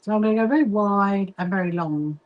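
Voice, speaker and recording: A woman from the UK hosting a casual sewing livestream, chatting while she stitches, reading viewer comments aloud and often pausing with little asides. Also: mid-range voice, muffled recording. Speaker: livestream host.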